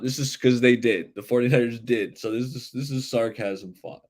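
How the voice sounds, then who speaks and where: A man's voice: medium pitch, steady tone, moderate pace, few pauses, a little mellow. A man hosting a live sports talk stream, chatting loosely and reacting to viewer comments. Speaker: livestream sports show host.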